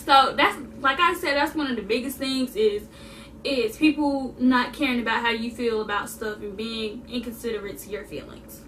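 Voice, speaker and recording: Sassy high-voiced young woman vlogger. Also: moderate pace, far from the mic, a little hiss or hum. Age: young adult. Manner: animated, sassy, repeats for emphasis. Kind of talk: casual storytime vlog.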